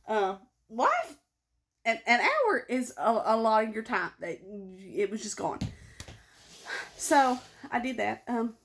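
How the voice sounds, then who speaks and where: A woman's voice: on the high side, gravelly. A tired young woman, chatting casually and rambling to her vlog audience. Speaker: vlogger.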